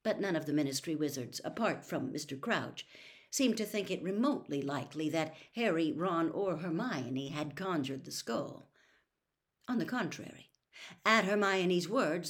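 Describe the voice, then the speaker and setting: A woman reading a novel aloud expressively as a storyteller. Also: on the low side.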